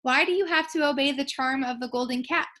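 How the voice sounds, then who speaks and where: A woman's voice: high voice, brisk, pushed and bright, pitched above the performer's own voice. Dorothy, as a teacher puts her on: an eager young girl. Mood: earnest. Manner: eager, polite. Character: earnest hopeful young girl heroine.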